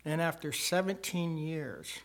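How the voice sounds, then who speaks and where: Slow, earnest older man testifying. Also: fairly high pitch, creaky, fairly bright tone, a little hiss or hum. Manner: slow, earnest storytelling with swells of emphasis. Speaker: church member giving testimony. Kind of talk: personal testimony in church.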